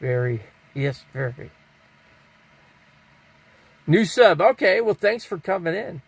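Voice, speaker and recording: A man's voice: high-pitched, very animated, slow, vocal fry, slightly rough, no room sound. An older man from Arizona hosting a live stream, rambling casually and answering viewers' chat comments aloud. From Scottsdale, Arizona.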